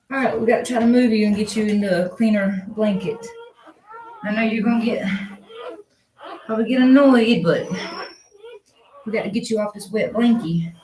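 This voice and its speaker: A young woman, tired from being up all night, talking softly and coaxing her dog while giving casual running commentary at home. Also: mid-range voice, normal speed, long pauses, a little hiss or hum. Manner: soft, coaxing talk to the dog. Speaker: pet rescuer filming her dog giving birth. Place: room at home with whelping dog. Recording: roomy, distant home recording.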